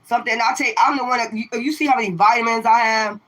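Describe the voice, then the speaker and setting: A fast-talking woman with a voice on the high side and fairly even intonation vents to her viewers during a tarot livestream. She sounds sharp and forceful, swearing freely and repeating combative rhetorical questions.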